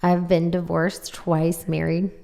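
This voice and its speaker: A middle-aged woman co-hosting a casual podcast chat, telling stories with lively acted-out quotes. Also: lowish voice, slow pace, vocal fry. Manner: animated storytelling, acts out quoted voices. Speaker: podcast co-host.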